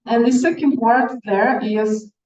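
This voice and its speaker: Slow, patient woman teacher. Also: fairly high pitch, steady tone, a little mellow. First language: Russian. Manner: slow, patient, repeats words for learners. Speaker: Russian language teacher. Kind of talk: classroom language lesson. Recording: roomy, distant, dull room sound.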